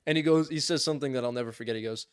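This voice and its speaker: A young man casually telling a funny story on a podcast, lively, acting out what others said and laughing often. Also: medium pitch, racing, slight background noise. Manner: animated, acts out quotes in voices, laughs often. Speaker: podcast co-host.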